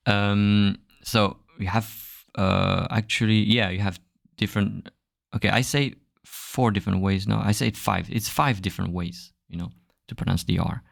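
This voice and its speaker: A man with a French accent hosting a podcast French lesson, relaxed and searching for words, with many fillers as he explains. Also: fairly low pitch, moderate pace, creaky, dry recording, studio quality. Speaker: French teacher, podcast host.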